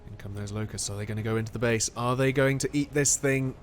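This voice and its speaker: A man giving excitable, animated play-by-play commentary on a strategy game. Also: medium pitch, quick pace, faint music behind.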